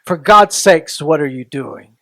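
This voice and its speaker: Guy voicing a panicky husband pleading at a door, slow and a bit high. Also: expressive, fairly bright tone, no room sound. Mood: alarmed.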